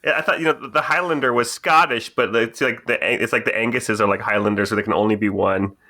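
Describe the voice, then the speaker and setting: Bright, joking male player. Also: mid-range voice, fairly even intonation, fast talker. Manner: joking, laughing. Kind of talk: casual chat.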